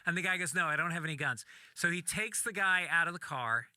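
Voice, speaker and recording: A man, a comedian, telling a story in casual talk, animated and acting out the voices of the people in it, with some swearing. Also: a little high, quick pace, dry recording, clean studio sound. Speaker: podcast guest, comedian.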